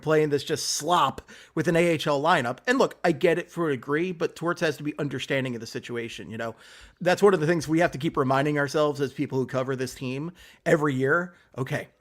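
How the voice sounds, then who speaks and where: A man co-hosting a casual sports podcast, chatty and fond of jokes. His voice sits high and swings widely in pitch. He talks with animated, playful energy. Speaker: podcast co-host. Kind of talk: casual hockey podcast chat.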